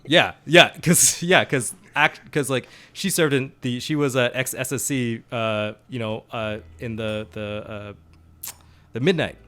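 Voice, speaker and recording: A man's voice: mid-range voice, unhurried, pushed and bright. A man co-hosting a podcast, talking casually about tabletop role-playing in a rambling way, with many fillers, restarts and laughs. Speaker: podcast co-host.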